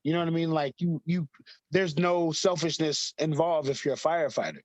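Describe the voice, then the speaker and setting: A man's voice: fairly high pitch, steady tone, fairly quick, no echo. A man in his thirties, a guest talking casually in an interview, rambling with many fillers and frequent laughter. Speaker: guest, fighter.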